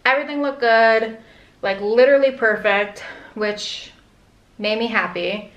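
A woman's voice: a little high, fairly even intonation, a little slow, a bit bright, muffled recording. A young pregnant woman vlogging casually, rambling candidly with lots of "like". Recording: echoey room.

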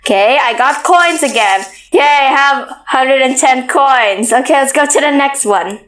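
Excitable high-voiced woman gamer. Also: a little slow. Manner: excitable, squeals and scolds the game baby. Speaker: let's play gamer. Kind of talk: casual gameplay commentary. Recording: roomy echo.

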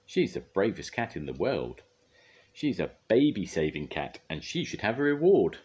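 An older man voicing an eager young boy in a storybook, raised and quick. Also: on the low side, big pitch swings, a little mellow, husky.

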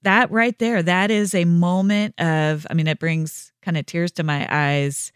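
Smooth-voiced woman podcast host. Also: fairly low pitch, steady tone, measured pace, no room sound, studio quality. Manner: warm, reflective, affirming. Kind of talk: conversational interview.

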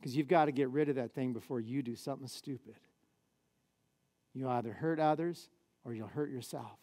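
A man, a pastor, preaching a lively sermon in a church with casual, conversational asides. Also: medium pitch, moderate pace.

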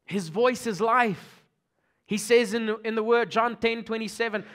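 A man with an Afrikaans South African accent preaching with a fairly high voice. He swings between loud, urgent exhortation and soft, almost whispered moments. It is an emotional sermon style. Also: steady tone, normal speed. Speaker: pastor.

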